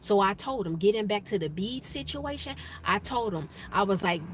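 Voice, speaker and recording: A woman's voice: mid-range voice, lively intonation, moderate pace, hardly any pauses. A woman vlogger, telling a workplace story to her viewers and acting out the voices of her coworkers. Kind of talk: casual storytime chat to viewers. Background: faint street noise, passing sirens.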